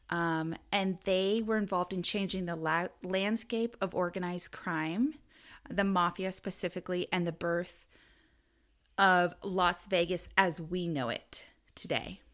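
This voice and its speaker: Podcast co-host, woman, bright tone, casual and laughing, rambles a bit. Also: lowish voice. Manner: chatty, giggly, self-deprecating. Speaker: podcast co-host presenting the episode research.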